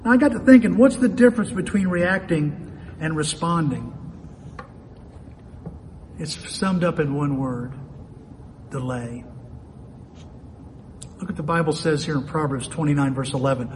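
A man's voice: on the high side, lively intonation, unhurried, pauses often, a little mellow. A man preaching a sermon in a folksy way, often asking himself questions aloud. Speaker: pastor. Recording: long reverb of a hall, faint ambient noise.

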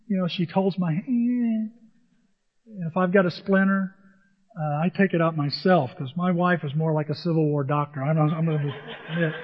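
High-voiced folksy pastor in a hall. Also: male voice. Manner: folksy storytelling with sound effects, swings from loud to hushed. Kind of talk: sermon. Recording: dull lo-fi audio with hall reverb.

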